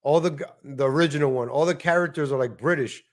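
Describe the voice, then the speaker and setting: A man's voice: fairly high pitch, fast. A man hosting a casual livestream, chatting and joking in rambling asides. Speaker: livestream host. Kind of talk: casual live-stream commentary.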